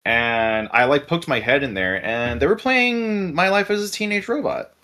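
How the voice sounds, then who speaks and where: A man telling a story in casual podcast chat, animated and profane, acting out the people he quotes. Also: on the high side, moderate pace. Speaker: podcast host.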